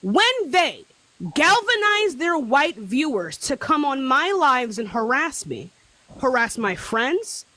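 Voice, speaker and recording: A woman guest on a livestream panel, arguing passionately and building to shouting. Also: sits high, big pitch swings, slow, dry recording, rough recording. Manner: impassioned, escalating into shouting. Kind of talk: heated livestream panel argument.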